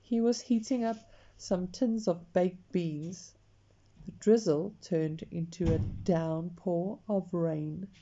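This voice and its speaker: A woman reads a picture book aloud, slowly and expressively, talking straight to the listener. Her voice is mellow and unhurried, and the recording sounds dull and lo-fi. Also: fairly low pitch. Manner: slow, expressive, talks to the listener. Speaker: storyteller.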